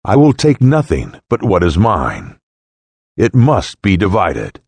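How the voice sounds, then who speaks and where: A stubborn, grasping older hermit in a storybook parable, voiced by a man reading aloud. Cold and insistent, low and husky. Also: wildly swooping pitch, slow, darkish tone, dry recording, full character voice.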